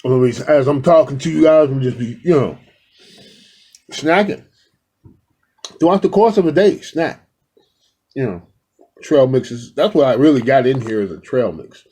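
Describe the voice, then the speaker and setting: A man's voice: mid-range voice, expressive, moderate pace, long pauses, mellow, husky. A man in a casual, rambling talk to his viewers, addressing them directly and affectionately while filming himself indoors. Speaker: spiritual vlogger.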